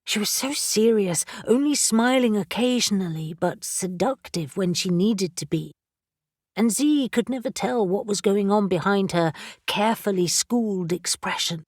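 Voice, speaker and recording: Reading a scripted fantasy audiobook, a woman narrates evenly and at a measured pace, her voice mid-range. The recording is clean studio sound with no room sound.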